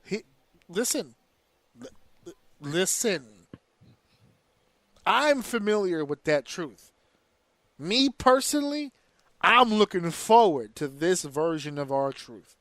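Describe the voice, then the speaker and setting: A man hosting a casual podcast, ranting in an animated, profane way. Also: sits high, slow pace, long pauses, dry recording. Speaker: podcast host.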